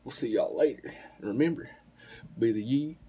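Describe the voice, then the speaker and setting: A man's voice: medium pitch, moderate pace, dark tone, breathy edge. A young man, telling a rambling, profane story to the camera in a casual vlog. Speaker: vlogger.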